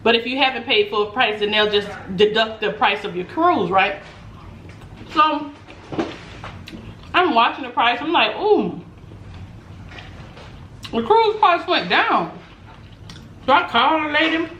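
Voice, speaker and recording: A woman vlogger telling a story in a casual chat, animated and laughing often, acting out what people said. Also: a little high, a little slow, pauses often. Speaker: mukbang vlogger. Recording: roomy echo, faint background noise.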